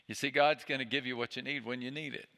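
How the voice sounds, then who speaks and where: A man preaching a sermon as a pastor, speaking in a gentle, soothing way that often sinks low and soft. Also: fairly even intonation, quick pace. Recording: long hall reverb.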